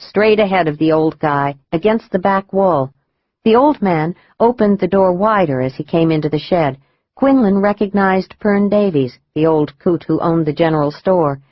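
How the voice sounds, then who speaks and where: A woman narrating a thriller audiobook in a measured, even storytelling manner. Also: fairly low pitch, no echo, dull audio.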